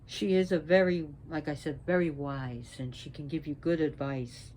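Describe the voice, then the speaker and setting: Low-pitched woman, priestess giving a talk, unwell and short of breath, slow and halting, faint noise in the background. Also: fairly even intonation, a little mellow. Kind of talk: spoken talk on mythology.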